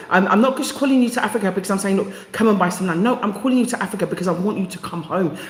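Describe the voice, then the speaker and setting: Emotional woman hosting a live stream. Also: fairly low pitch. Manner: effusive, emotional, talks straight to viewers by name. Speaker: livestream host. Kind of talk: casual live chat to viewers. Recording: echoey room with long reverb.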